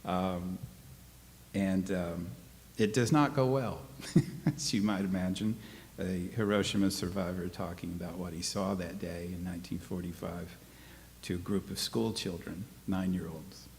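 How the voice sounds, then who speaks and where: Hesitant low-voiced male lecturer. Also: fairly even intonation, a little slow, darkish tone. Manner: hesitant, with fillers between points. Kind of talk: literature lecture with read excerpts. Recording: echoey hall, faint noise.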